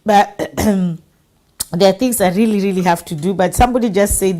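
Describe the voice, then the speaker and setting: A woman's voice: medium pitch, fairly quick, dark tone. A woman hosting an online talk show, speaking conversationally and reading out viewer comments.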